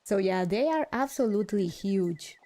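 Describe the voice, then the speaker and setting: A woman's voice: mid-range voice, animated, normal speed, mellow. A young adult woman live streaming, chatting casually, swearing now and then and poking fun at herself. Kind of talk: casual chat while gaming.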